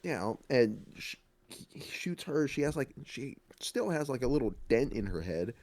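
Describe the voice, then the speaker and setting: A man co-hosting a podcast, talking casually in halting, rambling bursts. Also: medium pitch, very animated, darkish tone, no echo. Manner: rambling, halting, laughs often. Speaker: podcast co-host. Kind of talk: casual chat.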